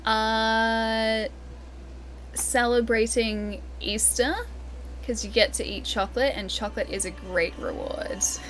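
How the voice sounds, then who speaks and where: Her voice is a little high, steady and slow, with a fairly bright tone and slight background noise. An Australian livestreamer, she chats casually while gaming live, laughs often, and reads chat aloud to reply to viewers.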